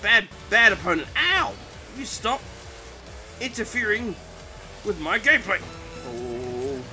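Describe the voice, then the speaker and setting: A man giving excitable, self-mocking commentary over his own gameplay, exclaiming and groaning as it goes. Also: high voice, slow, soft background music. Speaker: gaming commentator.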